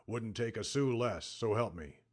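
A man doing a gruff grumbling kidnapper. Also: on the low side, measured pace. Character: gruff rough male dog kidnapper, grumbling. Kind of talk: audiobook character voice.

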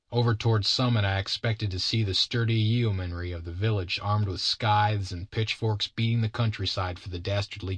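Brief: male storyteller, low voice, dry close sound, wry mock-grand reading. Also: no echo. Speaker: narrator.

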